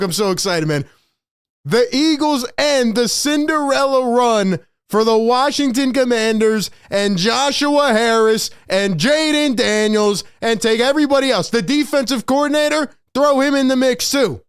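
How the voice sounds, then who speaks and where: A man's voice: extremely high pitch, clean tone, no echo, clean studio sound. A man hosting a live fan postgame show, hyped and emphatic, straining his voice and often ending lines with "man".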